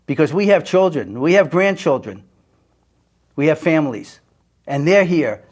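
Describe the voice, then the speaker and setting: An older man from the United States giving an earnest personal monologue. He speaks emphatically, swinging between forceful and hushed. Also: fairly high pitch, expressive, moderate pace, pauses often.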